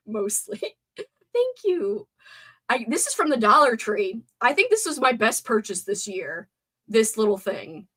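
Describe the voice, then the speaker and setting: A woman's voice: a little high, fairly bright tone. A young woman hosting a casual livestream from a room at home, chatting playfully and answering her viewers' messages aloud. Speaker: livestream host. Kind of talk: casual live chat with viewers.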